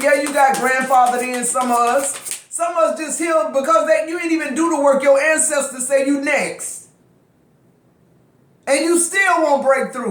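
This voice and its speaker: Male tarot reader, very high pitch, slangy and foul-mouthed, preachy, echoey room. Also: slight background noise. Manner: slangy, profane, preachy, swings from murmuring to yelling. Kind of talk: casual tarot reading to camera.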